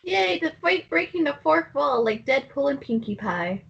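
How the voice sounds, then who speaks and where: A woman co-hosting a casual chat, chiming in with quick questions. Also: sits high, big pitch swings, creaky. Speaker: co-host. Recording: dull lo-fi recording.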